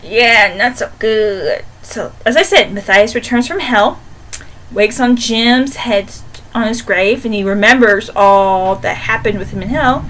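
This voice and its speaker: A young woman giving a casual book review on her vlog, animated and playful, breaking into dramatic shouted asides. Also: mid-range voice, measured pace, slight background noise.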